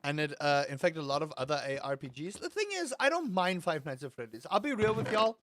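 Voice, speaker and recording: A man's voice: a little high, very animated, brisk, a bit bright. A young man streaming a game and chatting loosely to his viewers, often restarting and repeating words and swearing. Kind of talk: casual live-stream chat while gaming.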